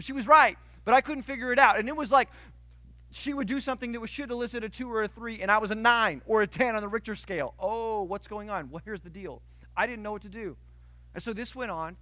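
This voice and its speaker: A male pastor preaching a sermon, telling stories with sudden loud outbursts and hushed asides. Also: sits high, dry recording.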